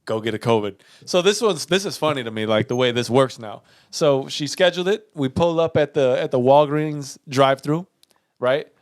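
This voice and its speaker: A man's voice: a little high, normal speed. A young man co-hosting a podcast, telling a story in casual, profane chat and acting out the dialogue. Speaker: podcast co-host.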